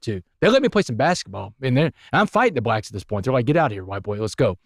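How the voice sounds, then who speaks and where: A man with a drawl tells a story at a rapid clip, leaning on words for emphasis. His voice sits in an ordinary male range. The sound is close and dry. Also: medium pitch, a little mellow, no echo. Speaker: podcast guest. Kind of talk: storytelling interview.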